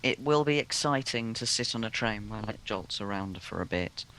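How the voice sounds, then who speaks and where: A man's voice: fairly low pitch, lively intonation, moderate pace, bright, forceful tone. Hesitant man with dry humour. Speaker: co-host. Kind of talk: casual gameplay chat. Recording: clear background noise.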